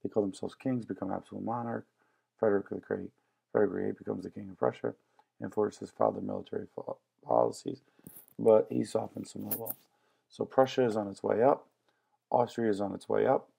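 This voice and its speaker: A man's voice: fairly low pitch, fairly quick, vocal fry, dark tone, husky. A man teaching a history lesson in a casual, joking lecture style. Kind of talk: classroom lecture.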